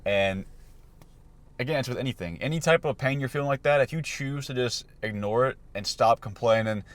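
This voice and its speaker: A man's voice: mid-range voice, a little fast. A young man and self-improvement coach, talking loosely to camera about life advice with lots of fillers and restarts. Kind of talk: casual motivational talk to camera.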